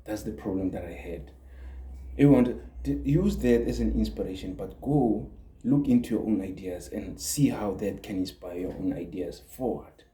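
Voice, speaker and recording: A man's voice: on the low side, normal speed, dark tone. A man, a YouTube creator, giving an earnest motivational talk and repeating words for emphasis. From South Africa. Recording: echoey room.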